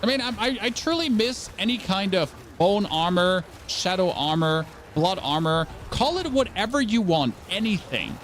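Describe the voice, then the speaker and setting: A man's voice: sits high, sing-song, moderate pace, hardly any pauses, fairly bright tone, a little hiss or hum. A young man giving casual gameplay commentary as a streamer, rambling, stammering over his words and asking his viewers questions.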